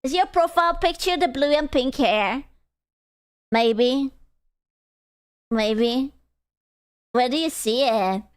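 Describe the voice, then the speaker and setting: A woman's voice: sits high, animated, normal speed, hardly any pauses, dry recording, studio quality. A woman streaming live who chats casually with her viewers, swearing freely, answering chat questions and mocking herself in a playful way, heard through a desktop mic. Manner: complaining and playfully self-mocking.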